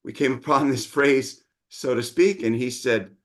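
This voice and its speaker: A man's voice: medium pitch, a little slow. A middle-aged man, a dialect coach, patiently explaining his teaching methods in an interview.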